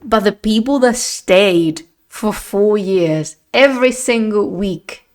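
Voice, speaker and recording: A native Spanish-speaking woman live-streams on camera from home, chatting casually into a desk microphone in a mid-pitched voice at a slow pace. She's expressive and talkative, laughs a lot, and slips into Spanish phrases.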